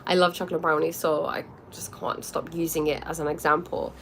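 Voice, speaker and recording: A woman hosting a casual spiritual livestream, chatting and often checking in with her audience, animated and quick to laugh. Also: low voice, slight background noise.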